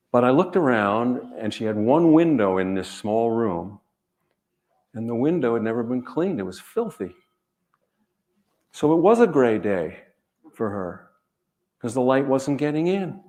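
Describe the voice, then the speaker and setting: A man, an author, speaking to an audience in a measured, earnest way, telling stories and repeating key phrases. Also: fairly low pitch, lively intonation, a little mellow. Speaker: author giving a reading and talk. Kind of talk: reflective storytelling talk to an audience.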